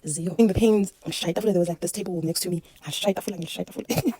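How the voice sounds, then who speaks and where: South African woman, casual storyteller, husky, brisk delivery. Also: fairly low pitch, dry recording. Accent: South African, Zulu-mixed English. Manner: animated, code-switching, laughing through a birth story. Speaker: vlogger.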